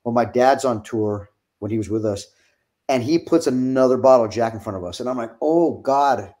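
A man's voice: medium pitch, fairly quick, warm tone. A middle-aged man telling a road story in casual talk, laughing and swearing freely. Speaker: wrestling guest.

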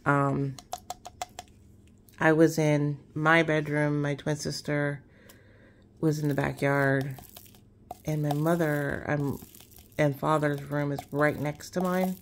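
A woman chatting casually while she crafts, relaxed and rambling with many fillers. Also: sits low, slow, pauses often, slight background noise. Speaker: craft vlogger.

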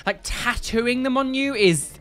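In a slightly high voice at a measured pace, a female YouTuber reacts to tattoo photos. Her casual commentary is full of exclamations, laughter, and slangy asides.

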